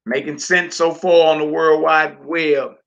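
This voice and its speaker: A man teaching a live-streamed Hebrew lesson casually, repeating words and drilling syllables slowly. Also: on the high side, flat delivery, gravelly, a bit bright, highs cut off.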